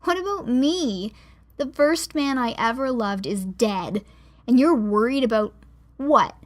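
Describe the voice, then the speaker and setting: A woman's voice: on the high side, very animated, measured pace. Woman reading as a young heartbroken girl lashing out. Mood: angry. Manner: sharp, lashing out.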